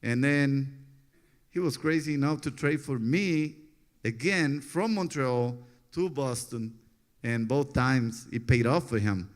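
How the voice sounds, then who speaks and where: A man's voice: medium pitch, takes it slowly. Laughing man. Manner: laughs often, animated when quoting others. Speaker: interview guest, former pitcher. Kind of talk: relaxed storytelling interview.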